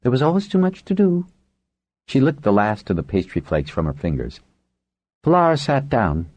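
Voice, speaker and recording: A man reading a fantasy audiobook in a measured storytelling manner, in a dry, close recording. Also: low-pitched, a little mellow, slightly rough, dry recording. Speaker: audiobook narrator. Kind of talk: scripted audiobook narration.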